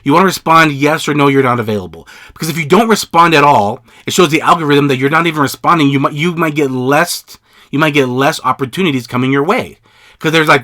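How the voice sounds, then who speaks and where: A man hosting a podcast, giving casual advice in an energetic, conversational way, often repeating himself. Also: fairly high pitch, quick pace. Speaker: podcast host. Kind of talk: casual solo podcast talk.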